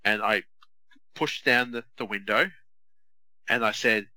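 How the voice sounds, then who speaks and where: A young Australian man co-hosting a wrestling watch-along podcast, telling animated stories and swearing freely. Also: fairly low pitch, a little slow, long pauses, dry recording, low-quality recording. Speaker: podcast co-host. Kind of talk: casual watch-along chat.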